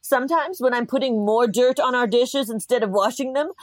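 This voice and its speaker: A woman's voice: on the high side, brisk, dry recording, lightly acted. A woman voicing an easygoing, sheepish bearded troll in a comedy sketch, cheerful and giggly.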